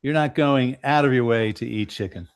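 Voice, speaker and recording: Measured man, dry close sound. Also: medium pitch, clean tone, no echo. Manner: measured, brief interjections. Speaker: podcast co-host. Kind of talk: casual conversation.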